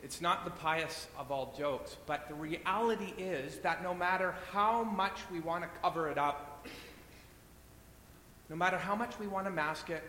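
Bright-voiced man preaching in an echoey hall. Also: a little slow. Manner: earnest, repeating phrases for weight. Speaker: pastor. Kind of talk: sermon. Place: church. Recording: echoey church hall, faint rumble.

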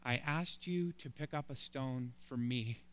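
A man voicing a calm, gentle Jesus as a teacher in a parable he retells, speaking softly and in a measured way. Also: medium pitch, pitched below the performer's own voice, natural voice.

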